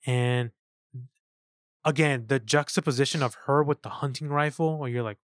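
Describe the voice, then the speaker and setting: A man co-hosting a casual film review podcast, excited and profane, acting out lines from scenes. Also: medium pitch, normal speed, dry recording, clean studio sound. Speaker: podcast co-host.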